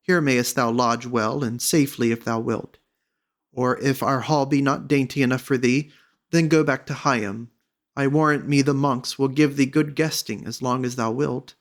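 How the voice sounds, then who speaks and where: A man voicing a sad, tearful young maiden in a storybook reading, with a soft, pleading delivery. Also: medium pitch, fairly even intonation, moderate pace, natural voice. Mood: earnest.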